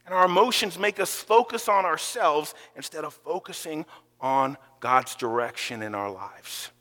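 A middle-aged male pastor preaching an animated sermon, acting out quotes and sometimes shouting. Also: on the high side, normal speed. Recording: long hall reverb.

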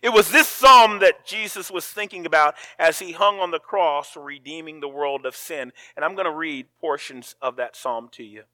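A man preaching a sermon, swinging from hushed words to loud cries and often repeating himself. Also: on the high side, moderate pace, few pauses, no echo. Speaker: pastor.

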